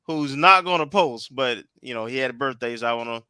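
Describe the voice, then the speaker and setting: A man's voice: mid-range voice, fairly quick, sharp tone, clear, resonant tone, dry recording, studio quality. A man co-hosting a sports talk show, chiming in casually with short asides. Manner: short interjections and laughing asides.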